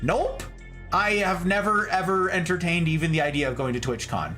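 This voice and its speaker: A man chatting casually on a live stream, effusive and quick to laugh as he greets his viewers. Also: sits high, pushed and bright, soft background music.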